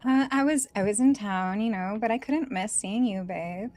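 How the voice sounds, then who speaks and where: A woman's voice: mid-range voice, moderate pace, darkish tone, a little hiss or hum, pitched above the performer's own voice, natural voice. A woman voicing a breezy, evasive female performer in a tabletop game.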